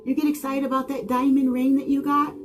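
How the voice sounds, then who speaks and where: A woman with a slightly high voice delivers a spiritual monologue, firing off dramatic rhetorical questions. She swings from loud exclaiming to hushed, intimate lines. Singing bowl music rings clearly beneath her. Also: flat delivery, brisk. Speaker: channel host.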